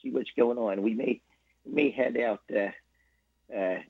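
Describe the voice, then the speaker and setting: An older man calling in as a regular guest, rambling in a halting, chuckling way with many restarts. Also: medium pitch, vocal fry, breathy edge, dry recording. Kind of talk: comic phone-in chat. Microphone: phone. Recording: dull, dry phone line.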